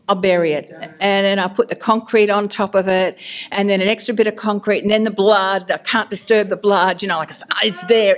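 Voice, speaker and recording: Candid, self-mocking woman preaching. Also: mid-range voice. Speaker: minister. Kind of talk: sermon.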